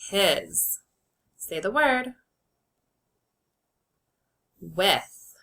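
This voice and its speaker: A woman teacher leading an early reading lesson for children, sounding out words slowly and clearly and encouraging them as friends. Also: medium pitch, very animated, a bit bright, poor audio.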